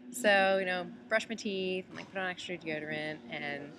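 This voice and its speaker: A woman's voice: lowish voice, a little fast, hardly any pauses, background noise. A woman from the United States recording a casual video message to a friend from an airport layover, chatty and full of "like" and "um". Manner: chatty, heavy use of "like" and "um". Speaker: traveler on a layover.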